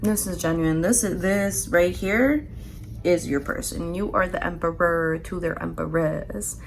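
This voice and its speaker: Woman, tarot reader, casual pick-a-card reading; raspy fry in the voice, giggly and playful, drops the odd swear. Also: lowish voice, steady tone, unhurried, a little hiss or hum. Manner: playful and chatty, laughs often, swears casually.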